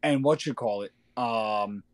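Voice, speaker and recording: A man co-hosting a casual podcast, ranting in animated, fast bursts. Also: medium pitch. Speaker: podcast co-host. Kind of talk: casual chat.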